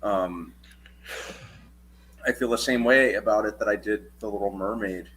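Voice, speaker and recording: A man's voice: fairly low pitch, measured pace, a bit bright, slight background noise, poor audio. A man co-hosting a movie review show, giving earnest opinions with stammering restarts. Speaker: podcast co-host. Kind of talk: casual movie review chat.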